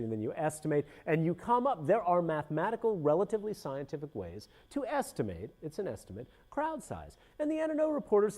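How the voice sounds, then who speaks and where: Animated, rambling man with a mellow voice. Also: medium pitch. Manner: rambling, animated, self-interrupting with many restarts. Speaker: podcast host. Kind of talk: casual political commentary.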